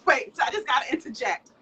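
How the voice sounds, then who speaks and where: A woman's voice: high voice, bright, forceful tone, breathy edge, rough recording. A woman hosting a casual talk show, frank and joking, laughing often. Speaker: host. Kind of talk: casual chat.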